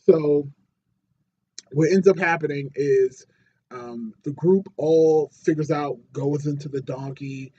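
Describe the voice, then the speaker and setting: Guy rambling about a tv episode, kinda husky, lots of ums and restarts, slightly dull mic. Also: on the high side, slow. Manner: rambling, many fillers and restarts, gets excited and loud retelling scenes. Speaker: TV show reviewer. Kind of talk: casual spoken episode review.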